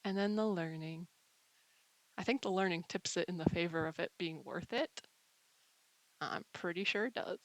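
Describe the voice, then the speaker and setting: A woman's voice: fairly low pitch, normal speed, vocal fry, pauses often, dry recording, rough recording. A woman host musing in a casual monologue, playful and rambling, with mock drama. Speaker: channel host.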